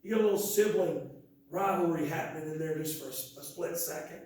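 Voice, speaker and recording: A man's voice: a little high, brisk, darkish tone. A man preaching a sermon in a church, reading scripture emphatically with chatty asides. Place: church sanctuary. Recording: echoey hall from a distance.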